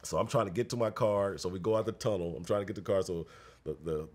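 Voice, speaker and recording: Laughing, low-voiced man telling stories. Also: quick pace, a little mellow. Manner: laughing, profane, acts out quotes. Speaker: guest, former pro basketball player. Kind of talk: casual storytelling chat.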